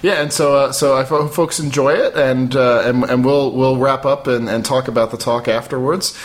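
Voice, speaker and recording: A man co-hosting a podcast in casual chat, quick and often repeating words as he restarts. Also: medium pitch, steady tone. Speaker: podcast co-host.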